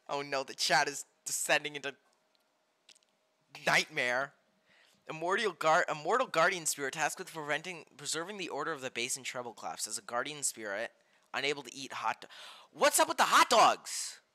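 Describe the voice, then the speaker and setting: A young man streaming a game live, reading cards aloud and reacting excitably, often yelping loudly in dismay. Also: on the high side, moderate pace.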